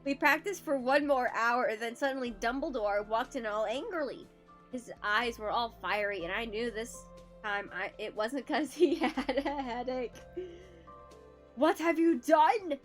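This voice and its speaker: A woman's voice: a little high, moderate pace, fairly bright tone, faint music behind. A young woman streamer reading a story aloud for comic effect, amused and breaking into asides.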